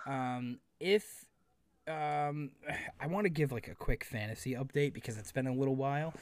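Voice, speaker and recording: A man's voice: medium pitch, normal speed, no echo. A young man hosting a casual sports podcast, rambling with lots of fillers. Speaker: podcast host and editor.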